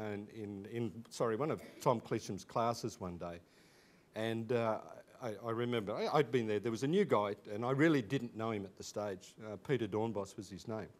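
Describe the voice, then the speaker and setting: An Australian man in his fifties, animatedly recalling school days with laughter and frequent restarts. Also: medium pitch. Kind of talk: casual anecdotal storytelling.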